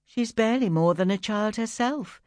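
A kind, worried midwife, as the narrator puts her on murmurs in a hushed voice at a patient's bedside. It comes from an audiobook with a dry, close recording. The tone is quiet and caring. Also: medium pitch, moderate pace, no room sound, voice pushed up, natural voice. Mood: hushed concern.

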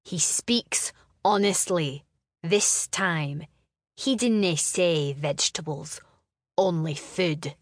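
Woman doing a gruff big brother, stern and slow, dry sound. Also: on the low side, no room sound. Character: gruff protective older brother, young man.

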